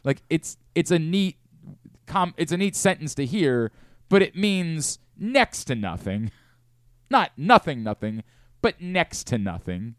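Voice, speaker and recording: A man hosting a sports talk radio show, ranting in an animated, exasperated way from a studio. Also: on the high side, measured pace, no echo.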